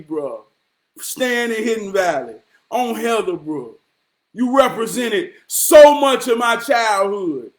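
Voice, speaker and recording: With a high-pitched voice, this man in his forties gives a fiery, profanity-laced motivational monologue as a vlogger. He drops into quiet murmurs, then builds up to shouting.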